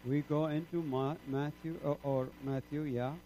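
A man from the Middle East preaching his own testimony in an impassioned sermon style. He is emphatic, dropping low and soft, then climbing to loud peaks. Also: fairly even intonation, normal speed, rough recording.

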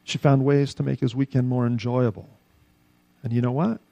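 Storytelling male preacher, mellow tone. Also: mid-range voice, fairly even intonation, moderate pace, creaky, no room sound, poor audio. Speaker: pastor. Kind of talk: sermon.

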